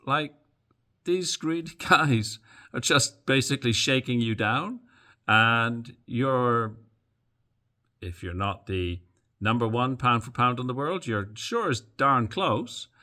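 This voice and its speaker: A man's voice: mid-range voice, sharp tone. A man hosting a boxing news channel, giving casual, opinionated commentary to camera with plenty of fillers and asides.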